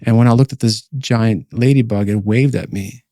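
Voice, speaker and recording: This podcast co-host has a fairly low, mellow voice and keeps a steady tone at a moderate pace. He rambles through a personal dream, offered as a testimony, with plenty of fillers and restarts. The recording is dry and studio-clean.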